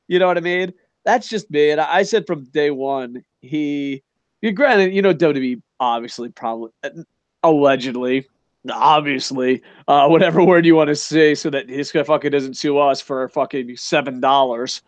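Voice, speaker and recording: A man's voice: fairly high pitch, animated, moderate pace, no echo. Profane, rambling man talking wrestling. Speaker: podcast host. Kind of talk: casual wrestling chat.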